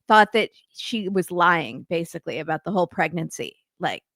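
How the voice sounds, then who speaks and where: A woman co-hosting a casual chat, giving quick opinionated asides. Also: fairly low pitch, expressive, fairly bright tone, dry recording, clean studio sound. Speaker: podcast co-host.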